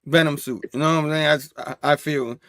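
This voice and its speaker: A man hosting a casual comic book review, talking in an animated way, laughing often and acting out the dialogue. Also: on the high side, brisk, dry recording, studio quality.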